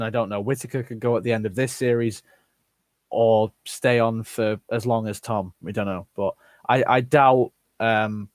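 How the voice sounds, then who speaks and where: A man's voice: lowish voice, dry recording. A man hosting a live stream, reading viewers' comments aloud and answering them bluntly with plenty of swearing. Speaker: channel host answering live chat. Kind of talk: casual live-stream chat.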